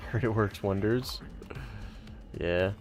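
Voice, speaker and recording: A man's voice: on the low side, takes it slowly, faint music behind. A tired man chatting casually with friends while gaming late at night, laid-back and joking, swearing freely. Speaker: gamer playing with friends on voice chat. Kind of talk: casual gameplay chat.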